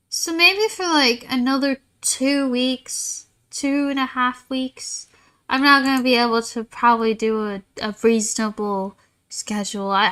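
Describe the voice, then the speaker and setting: A woman streaming a game, chatting loosely to her viewers in a tired, rambling way. Her humor runs dry and sarcastic, with playful mock insults. Her voice sits somewhat high for a woman. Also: pushed and bright, smooth. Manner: rambling, self-mocking, sarcastic. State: tired, yawning. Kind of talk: casual game-stream chat.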